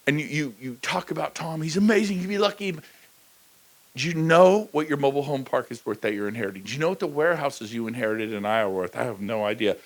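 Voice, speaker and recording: A middle-aged man gives a motivational real estate talk on a conference stage, bursting with energy, shouting at times and calling out to the crowd. He talks fast with lively intonation, but the audio is poor.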